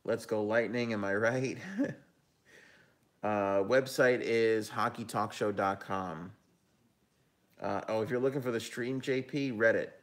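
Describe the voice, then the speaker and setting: Speaking a little slowly in a voice on the low side, a man runs a live hockey talk stream. He is casual and chatty, sharing his picks and reading viewer comments aloud, frequently using ums and self-corrections.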